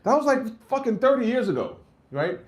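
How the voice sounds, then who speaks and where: A man in his forties doing a live stand-up set, a profane, animated storyteller who peppers his talk with "like" and "right?". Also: very high voice, fairly quick. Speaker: stand-up comedian.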